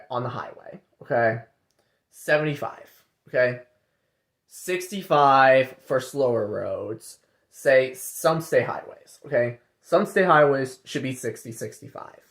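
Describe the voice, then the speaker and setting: A man ranting casually to his viewers, repeating points over and over and ending phrases with "okay?" and "guys.". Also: fairly bright tone. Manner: repetitive, says "okay?" and "guys" after most points; mocks others in higher put-on voices. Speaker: vlogger. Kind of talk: casual rant to camera.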